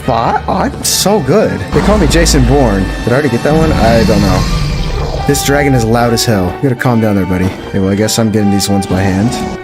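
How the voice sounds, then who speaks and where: Lowish-voiced male let's-play host, excitable, chatty, over game music. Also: fairly quick. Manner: excitable, thinks aloud, hums tunes. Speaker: gaming YouTuber.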